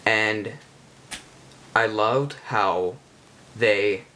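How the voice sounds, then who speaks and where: A man giving a casual spoken game review, rambling and halting with many restarts. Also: lowish voice, sharp tone, a little hiss or hum.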